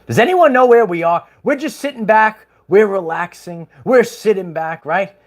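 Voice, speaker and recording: Higher-voiced man, casual rambling livestream host, chuckles often. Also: lively intonation, moderate pace. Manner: rambling, chuckling, many fillers.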